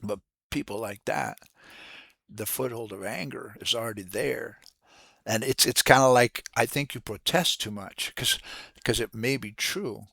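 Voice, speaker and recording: A man giving an earnest, casual devotional talk, halting and restarting as he repeats words. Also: mid-range voice, vocal fry, pushed and bright, dry recording. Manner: earnest, preacherly. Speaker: host of a Christian devotional channel.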